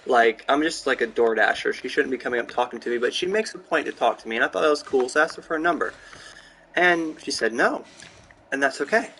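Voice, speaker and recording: A young man chatting casually and candidly while building in a game, rambling through stories, excitable, close to his microphone. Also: mid-range voice, fast talker, slight background noise, low-quality recording. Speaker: gaming streamer. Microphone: close desk mic.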